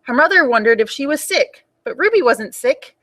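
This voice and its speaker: A young woman reading a picture book aloud for children at storytime, in an animated and expressive way. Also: sits high, normal speed.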